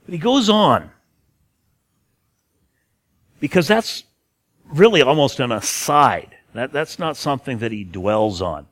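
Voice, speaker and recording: With a medium-pitched, somewhat bright voice, a male preacher gives expository Bible teaching on a scripture passage. He is earnest, emphasizing key words and occasionally restarting a phrase.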